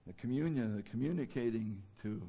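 A man preaching a sermon in a conversational way, with many fillers, who now and then rises into loud, emphatic bursts. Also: medium pitch, animated, brisk, creaky, breathy edge. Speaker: pastor.

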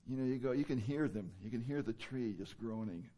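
A man's voice: mid-range voice, a little fast, dark tone. A man preaching a sermon in a conversational way, with many fillers and rhetorical questions. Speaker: pastor.

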